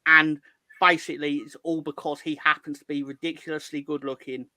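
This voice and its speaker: A man's voice: a little high, little pitch movement, fairly quick, sharp tone, no room sound. A man co-hosting a podcast in casual chat, talking in a rambling, jokey and crude way. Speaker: podcast co-host.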